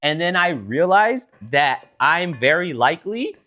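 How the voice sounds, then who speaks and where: A man's voice: fairly high pitch, measured pace. A young man co-hosting a podcast, chatting casually with his sister and teasing her while telling stories. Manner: teasing, animated storytelling, quotes people in put-on voices. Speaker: podcast co-host. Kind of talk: casual chat.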